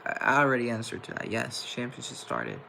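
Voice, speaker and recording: A man's voice: medium pitch, very animated, brisk, vocal fry, bright, forceful tone, a little hiss or hum, low-quality recording. A young man hosting a live stream, casually chatting with viewers and answering their comments in a playful, campy way. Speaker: livestream host.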